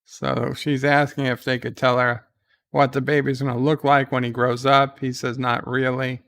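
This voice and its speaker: A man giving casual live commentary on a TV episode, loosely recapping scenes and reading viewer chat questions aloud, thinking out loud as he answers. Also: mid-range voice, little pitch movement, moderate pace, vocal fry, clear, resonant tone, dry recording. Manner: thinks out loud with fillers and restarts.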